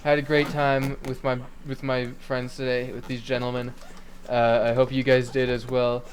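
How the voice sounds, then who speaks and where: A man's voice: medium pitch, flat delivery, moderate pace, a little hiss or hum. A man hosting a casual podcast, chatting and joking with friends as he wraps up the episode. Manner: joking, wraps up the show with playful outro. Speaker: podcast host. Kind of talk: casual chat among friends.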